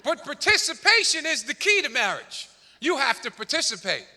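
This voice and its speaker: A man doing a brash, rapid-fire stand-up comedy routine on a theater stage. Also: extremely high pitch, big pitch swings, pushed and bright. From New York, the Bronx. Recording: live theater reverb, faint room noise.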